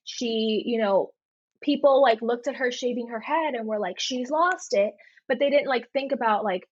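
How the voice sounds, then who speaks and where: A woman's voice: a little high, normal speed, no echo, muffled recording. A young woman co-hosting a casual podcast chat, retelling a story with lots of "like" fillers. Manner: animated storytelling with many "like" fillers. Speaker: podcast co-host.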